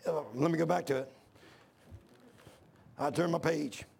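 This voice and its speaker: A male preacher delivers a fervent sermon in a high, gravelly voice. He reads scripture aloud, then climbs toward near shouts as he gets worked up, with rough fry at the ends of his lines. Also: fairly even intonation, a little slow. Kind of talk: fiery sermon.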